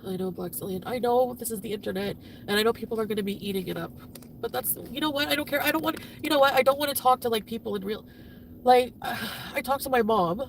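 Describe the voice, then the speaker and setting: A woman venting profanely on a livestream, swinging between shouting and muttering. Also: fairly high pitch, fast, distant mic, slight background noise. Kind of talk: emotional livestream rant.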